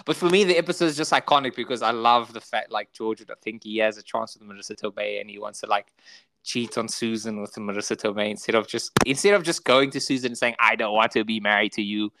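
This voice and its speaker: A South African man co-hosting a podcast, casually retelling sitcom scenes and jumping into high, squeaky imitations of the characters. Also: fast, fairly bright tone, no echo. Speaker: podcast co-host. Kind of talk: casual chat.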